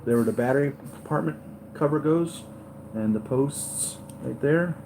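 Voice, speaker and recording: A man hosting a live toy unboxing, gushing and excitable, often repeating himself. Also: medium pitch, moderate pace, noisy background. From United States. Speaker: toy collector vlogger.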